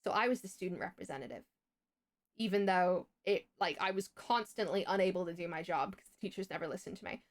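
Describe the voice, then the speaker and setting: A young woman streamer telling a story in casual chat, animated and profane, laughing and stumbling over her words. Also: lowish voice, fast talker.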